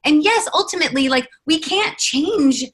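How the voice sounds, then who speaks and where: A woman's voice: high-pitched, expressive, moderate pace, fairly bright tone. A woman from California hosting a podcast interview, talking in an enthusiastic, reflective way and laughing easily. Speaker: podcast host.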